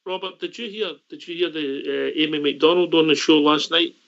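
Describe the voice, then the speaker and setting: A man's voice: a little high, moderate pace, gravelly, fairly bright tone. A Scottish man hosting a phone-in show, chatting conversationally with a caller. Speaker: radio host. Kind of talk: phone-in chat. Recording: dull lo-fi radio sound.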